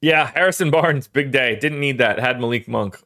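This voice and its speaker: A man's voice: mid-range voice, moderate pace, bright, forceful tone. A young man hosting a fantasy sports show, talking casually and rambling, his voice cracking as he gets choked up. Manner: rambling, self-deprecating, emotional about his team. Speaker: fantasy sports podcast host. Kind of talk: casual solo livestream talk.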